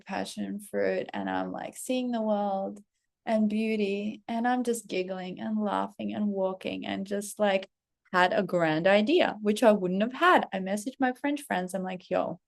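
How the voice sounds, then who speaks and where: A woman telling a casual story in a vlog, animated and swearing constantly as she acts out her own reactions. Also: mid-range voice, unhurried, gravelly. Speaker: vlogger, self-leadership coach. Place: Paris.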